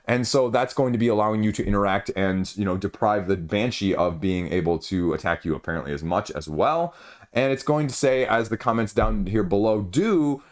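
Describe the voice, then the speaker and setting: A young man casually reviewing board game crowdfunding campaigns, rambling with wry asides. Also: medium pitch. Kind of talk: casual video commentary.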